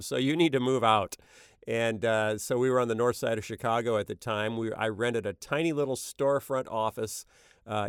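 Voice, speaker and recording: Middle-aged man, smooth tone, dry close sound, animated casual storyteller. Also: on the low side, dry recording. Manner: animated, slips into character voices while telling stories. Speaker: animation creator being interviewed.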